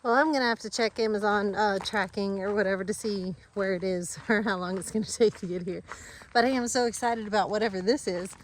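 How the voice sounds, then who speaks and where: A woman's voice: medium pitch, fairly quick, a little hiss or hum. A woman chatting casually to viewers of her farm vlog while she walks outside, rambling and earnest. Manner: rambling, warm, talks to her animals and viewers. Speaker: vlogger on a family farm channel. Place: outdoors on a rural driveway and yard.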